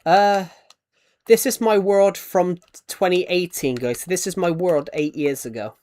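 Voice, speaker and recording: A man's voice: high voice, a little slow, darkish tone. A young man with a British accent, chatting casually as he streams a game and thanks viewers. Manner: chatty, thanks donors, trails off in restarts. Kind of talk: casual live-stream chat.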